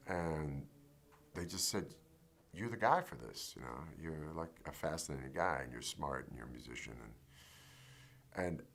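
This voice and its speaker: Deep, gravelly man musing. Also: normal speed, fairly bright tone, a little hiss or hum. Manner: musing, repeats himself. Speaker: actor interviewed about a film role. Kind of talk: reflective interview.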